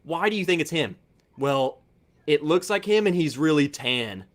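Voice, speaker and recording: This livestream host speaks in an expressive, somewhat high male voice at a moderate pace during a casual chat. Frequent laughter marks his delivery, and he tends to repeat words when getting a sentence going.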